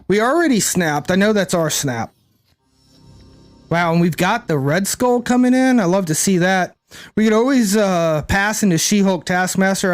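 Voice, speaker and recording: A man streaming a card game, rambling and thinking aloud to his chat, swearing casually. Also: high-pitched. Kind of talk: casual gameplay commentary to chat.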